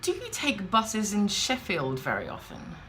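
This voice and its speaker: A woman's voice: medium pitch, huge pitch swings, measured pace, fairly bright tone, slight background noise, pitched above the performer's own voice, heavily acted. A woman voicing a snooty, entitled posh woman with a plummy, whiny way of talking. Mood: puzzled.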